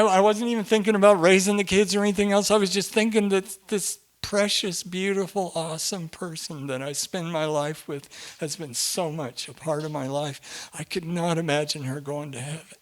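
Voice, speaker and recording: A middle-aged man telling a personal story to a group, animated, laughing often and swinging from hushed to loud. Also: fairly high pitch, moderate pace.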